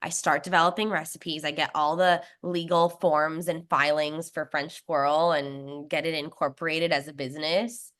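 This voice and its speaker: Woman, lowish voice, bright and forceful tone, chatty storyteller, laughs a lot. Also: moderate pace, hardly any pauses. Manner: chatty, laughs often, quotes others in lively asides. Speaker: guest, snack brand founder. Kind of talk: casual interview storytelling.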